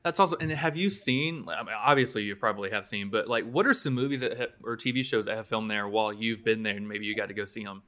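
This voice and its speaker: A man's voice: lowish voice, fast talker, few pauses, bright, forceful tone. A man hosting a podcast, asking curious, chatty questions in a casual interview. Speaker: podcast host.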